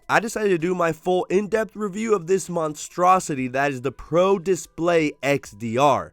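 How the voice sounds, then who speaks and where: A man's voice: high voice, a bit bright, no room sound. A man with a sore throat gives an upbeat, wry tech review voice-over.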